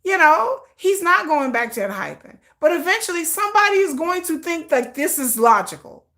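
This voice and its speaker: A woman's voice: very high voice, very animated, normal speed, sharp tone. A woman hosting a casual livestream, ranting with profanity and acting out dramatic quoted voices. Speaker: livestream host.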